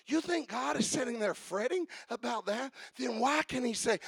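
A man preaches a sermon with fervent, rhythmic energy, building his repeated lines into shouts. His voice sits very high with a gravelly rasp and a bright, tense edge. The recording is dry and close. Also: lively intonation, normal speed, no echo. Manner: fervent, rhythmic preaching with shouted call-outs and sung refrains.

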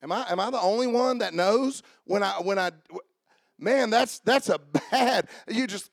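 A man delivers a sermon in a strikingly high voice. He hammers repeated lines and swings from shouted exhortation to hushed, confiding asides. The sound is close and dry. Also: normal speed, vocal fry, no echo. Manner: repetitive call-and-response preaching. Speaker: preacher.

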